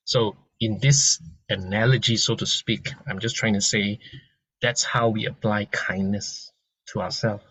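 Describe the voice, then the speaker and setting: A man teaches in a gentle, conversational way, building an analogy and circling back over his words. His voice is husky, and the sound is dry and a little dull. He talks like a patient teacher in an informal lecture. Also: mid-range voice, no echo. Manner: gentle and conversational, many restarts and soft laughs. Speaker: dharma teacher.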